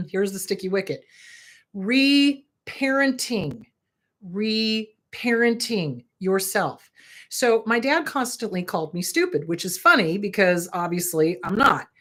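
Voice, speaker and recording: A middle-aged woman therapist talks to her listeners in a blunt, animated way. She swears for emphasis and often stops to check they are following. Her voice sits at an ordinary middle pitch. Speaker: therapist, podcast host. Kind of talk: casual advice monologue.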